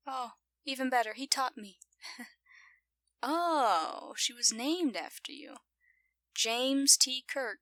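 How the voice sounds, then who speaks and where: A playful woman with an accent reacts to a show in an unhurried, drawn-out way, laughing often and scolding the characters on screen. Her tone is bright and sharp. The sound is dry and close, with almost no room echo. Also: fairly high pitch. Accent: non-standard English accent. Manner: giggly, playful, talking back to the screen. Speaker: video reactor. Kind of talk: casual reaction commentary.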